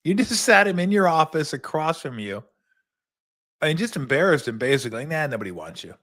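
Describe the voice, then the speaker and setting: A middle-aged man hosting a talk show and telling an animated story, often repeating words as he goes. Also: on the high side, moderate pace. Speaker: host, former basketball player. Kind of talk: casual storytelling.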